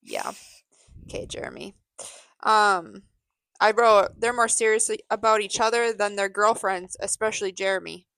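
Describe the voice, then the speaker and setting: Woman podcast co-host, mid-pitched and chatty, casual recap reading notes, dry booth sound. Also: moderate pace, vocal fry, fairly bright tone, dry recording. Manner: chatty, reads from her notes, laughs easily. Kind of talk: casual chat recapping a reality show.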